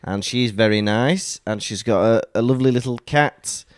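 A man co-hosting a podcast in casual chat, playful and quick to laugh. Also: medium pitch, no room sound, clean studio sound. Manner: chatty, laughs often, playful banter. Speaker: podcast co-host.

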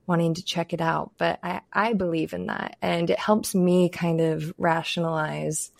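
A woman hosting a podcast, talking in a reflective, unhurried way with frequent "like" fillers. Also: fairly low pitch, level tone, vocal fry, darkish tone, no room sound. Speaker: podcast host. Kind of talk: casual podcast conversation.

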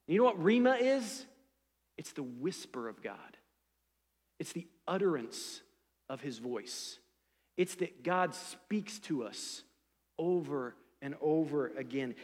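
A man preaching a sermon as pastor, swinging between loud emphatic lines and soft hushed ones. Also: sits high, in a large hall. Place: church sanctuary.

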